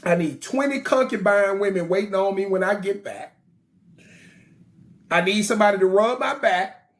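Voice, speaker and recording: A man voicing a cocky male alien rebel who boasts and makes demands over a phone call in loud slang. The voice sits well above his own. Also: high voice, moderate pace. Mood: boastful.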